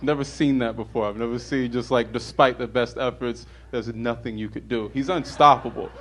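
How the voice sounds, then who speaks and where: A man's voice: mid-range voice, steady tone, a little fast, a bit bright, slight background noise. A man doing stand-up comedy in a wry, resigned tone.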